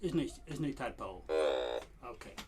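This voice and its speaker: A man's voice: medium pitch, expressive, moderate pace, darkish tone, soft background music. An English man on a video call from home, jokingly introducing a song and then singing it. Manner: genial, joking, clears his throat. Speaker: folk club singer. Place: home, online session.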